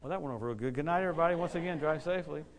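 A middle-aged male preacher rattles through stories at a quick clip, his voice sitting a little high for a man. He acts out the quotes and laughs along as he tells them. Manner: animated, quick storytelling with acted-out quotes and laughs. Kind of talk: storytelling sermon.

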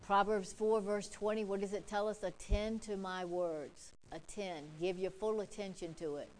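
A woman preacher delivers an emphatic sermon, repeating her points and quoting scripture. Her mid-range voice has a darkish tone and fairly even intonation at a normal speed. The audio is poor, with a little hiss or hum.

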